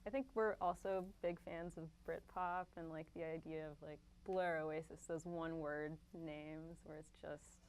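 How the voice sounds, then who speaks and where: A woman band member with a low voice answers questions easily. She talks in a relaxed, hesitant way with fillers. Faint room noise underneath. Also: measured pace, hardly any pauses, poor audio. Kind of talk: casual interview chat.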